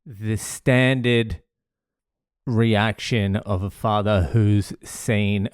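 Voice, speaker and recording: A man's voice: lowish voice, steady tone, drawn-out words, long pauses, smooth, no room sound, studio quality. A man telling a story to camera in a blunt, sweary way, getting worked up as he talks. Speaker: vlogger.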